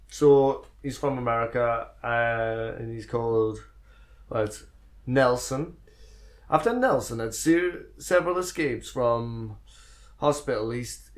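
A man's voice: medium pitch, slow pace. Giggly rambling man. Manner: giggly, rambling, trails off mid-sentence. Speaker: podcast co-host. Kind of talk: casual banter.

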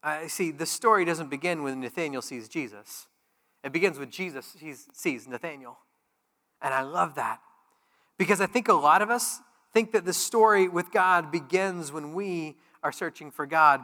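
Male pastor, sermon delivery, bright and somewhat high voice, long hall reverb. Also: moderate pace. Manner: animated preaching, rising to loud emphatic peaks.

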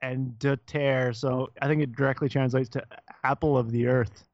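A man from Canada co-hosting a podcast, chatting casually and crudely, laughing often and slipping into quick impressions. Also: medium pitch, flat delivery, darkish tone, no room sound, muffled recording. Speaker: podcast co-host. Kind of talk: casual chat.

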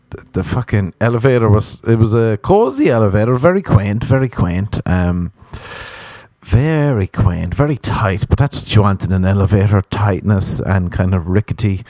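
A low-voiced Irish man spins a comic story in a sardonic, deadpan way, with plenty of swearing. The sound is dry and close. He talks like a comedian chatting casually. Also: dry recording. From Ireland. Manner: sardonic, profane, deadpan understatement.

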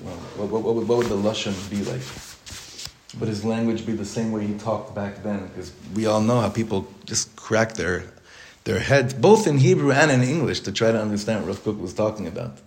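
Speaking briskly in a fairly low, slightly mellow voice, a man leads an informal Torah lesson for his congregation in a synagogue study hall. The echoey recording has a little hiss or hum, and as their rabbi he chats along with restarts, joking asides and frequent Hebrew and Yiddish terms.

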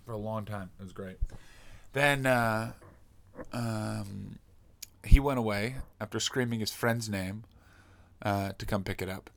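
A Canadian comedian with a fairly low, gravelly voice tells a story in a casual monologue. He rants and swears freely, his loudness shifting quickly.

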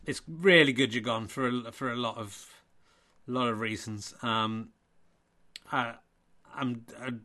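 A man's voice: medium pitch, fairly even intonation, takes it slowly, long pauses, pushed and bright. A man hosting and giving a playful, self-mocking mock sports commentary.

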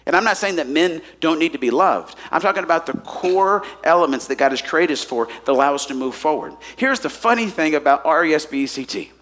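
A man preaching a sermon to a congregation as pastor, animated and swinging between hushed asides and loud emphasis. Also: fairly high pitch, fairly quick, hardly any pauses. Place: church hall before a congregation.

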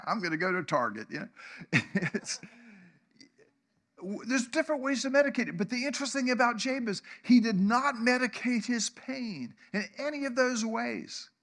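Pastor, 60s, high bright voice, chatty sermon delivery with lots of questions to the room. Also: male voice, normal speed. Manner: conversational, asks the congregation questions, chuckles often.

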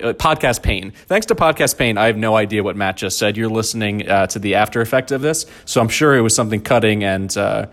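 A man's voice: lowish voice, fairly bright tone. A man hosting a casual sports betting podcast, talking in a jokey, rambling way. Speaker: podcast host.

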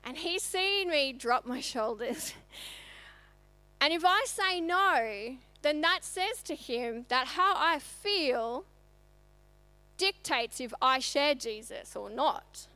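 Bright-voiced woman giving a testimony. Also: sits high, takes it slowly, dry recording. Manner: storytelling, animated, conversational. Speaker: church speaker. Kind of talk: sermon testimony. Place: church.

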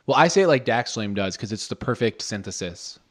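A man's voice: on the low side, lively intonation, a little fast, fairly bright tone. A man co-hosting a casual podcast, joking crudely and rambling with restarts. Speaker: podcast co-host. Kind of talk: casual chat.

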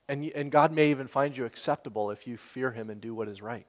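A man preaching a sermon in a relaxed, conversational way, asking the listeners questions and laughing now and then. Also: mid-range voice, fast, hardly any pauses. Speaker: pastor. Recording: long hall reverb.

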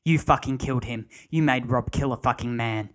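A man doing a frightened, croaking smoker. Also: mid-range voice, steady tone, slow, a little mellow, natural voice. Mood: shrieking. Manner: strained, wobbly, croaking. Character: frightened, shaky adult man who smokes.

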